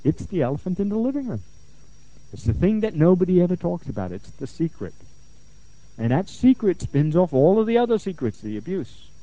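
A middle-aged man, a therapist, lectures with animated storytelling and repeats phrases for emphasis. His voice sits fairly high and swings widely in pitch, yet the tone stays mellow. The recording is dry and dull. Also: brisk, dry recording. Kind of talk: lecture with anecdotes. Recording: dull, muffled lo-fi sound.

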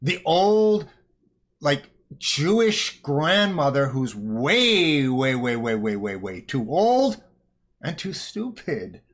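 Male commentator, emphatic and heated, fairly high pitch. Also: sing-song, slow. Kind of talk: ranting monologue.

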